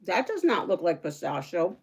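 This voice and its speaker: A middle-aged woman hosting a casual livestream, chatty and excitable, greeting viewers and reading their comments aloud. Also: fairly low pitch, moderate pace, gravelly, slightly rough. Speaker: livestream host. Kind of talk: casual live chat while unboxing.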